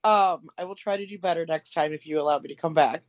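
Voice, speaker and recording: A woman's voice: sits low, fast, no room sound. A woman guest on a podcast, giggly and self-deprecating in casual chat.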